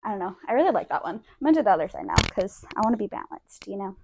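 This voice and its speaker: A woman's voice: medium pitch, sing-song, racing, noisy background. A young woman giving a casual, chatty yoga demonstration, a little out of breath from moving through poses. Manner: chatty, self-deprecating, demonstrating poses while talking. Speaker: yoga instructor. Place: indoor room, yoga mat.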